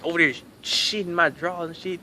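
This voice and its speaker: A man telling a comedic story in an animated, profane way. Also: on the high side, brisk, slight background noise.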